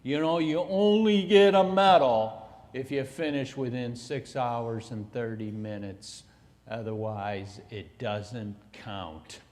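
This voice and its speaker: A man telling a story as a motivational speaker at a conference, emphatic and animated, dropping from loud to hushed. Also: mid-range voice, takes it slowly. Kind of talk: storytelling keynote speech. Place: conference hall. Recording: long hall reverb.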